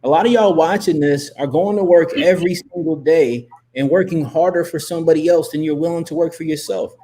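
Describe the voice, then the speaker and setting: A man hosting a live interview as a coach, talking emphatically and repeating himself as he gives shout-outs and pep talk. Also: on the high side, a little fast. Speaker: host and coach. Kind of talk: motivational livestream talk.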